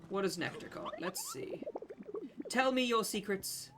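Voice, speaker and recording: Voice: medium pitch, normal speed, fairly bright tone. A streamer, chatting casually and swearing while playing a game live and reading its text aloud. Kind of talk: casual live gameplay chat.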